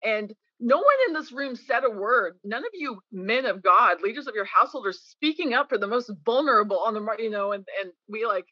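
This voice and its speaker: A woman's voice: on the high side, fairly quick, few pauses, dry recording, dull audio. A woman guest in a podcast interview, telling candid stories and acting out quoted people. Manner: candid, animated storytelling with quoted voices.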